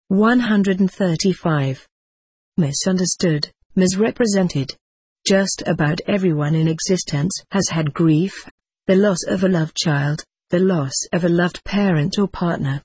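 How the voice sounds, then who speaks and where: An older man reading his own book aloud in a measured, wry, dry-humoured way. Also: high voice, a little mellow, slightly rough, no room sound. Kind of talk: audiobook narration.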